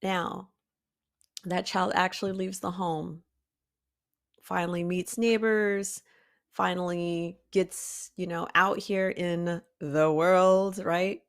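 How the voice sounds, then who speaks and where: A woman hosting a motivational talk for artists, preachy and emphatic, with sudden high rises on key words. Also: fairly even intonation, slow. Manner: emphatic and preachy, calls listeners "baby cakes". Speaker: art coach and podcast host.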